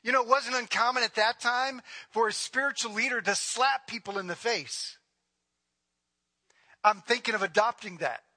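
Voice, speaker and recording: A middle-aged man gives a sermon in church, his voice high and ringing. He keeps the room with sly, sarcastic jokes before climbing into emphatic, forceful preaching. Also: moderate pace. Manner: joking, sarcastic asides, rising to emphatic preaching. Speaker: pastor.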